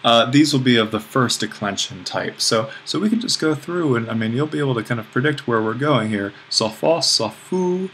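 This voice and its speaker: A man who is a teacher, giving a casual lecture with worked examples in a relaxed, self-deprecating way, thinking aloud as he goes. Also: mid-range voice, fairly quick, hardly any pauses, a little hiss or hum.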